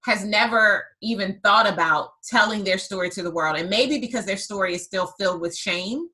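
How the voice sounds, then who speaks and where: A woman hosting a podcast and telling a story in a lively conversational way, stressing her points by repeating words. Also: mid-range voice, moderate pace, rough recording. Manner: emphatic, repeats words for effect. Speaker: podcast host and business coach.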